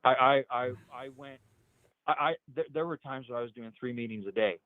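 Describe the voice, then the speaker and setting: A middle-aged man telling his own story candidly, halting and repeating words, with his voice rising sharply when he quotes others. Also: mid-range voice, no room sound. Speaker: interview guest. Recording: tinny phone-like line.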